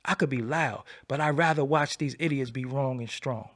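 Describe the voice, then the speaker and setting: A man hosting his own channel, delivering a defiant, boastful solo rant that swings between a low murmur and loud outbursts. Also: moderate pace. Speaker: channel host. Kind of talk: late-night solo rant to camera.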